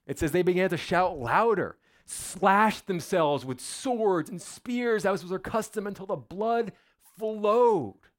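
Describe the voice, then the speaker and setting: A male pastor delivering a sermon with dramatic emphasis and repeated phrases. His voice sits a bit high for a man and swings widely in pitch, and he drives his points home with rhetorical questions.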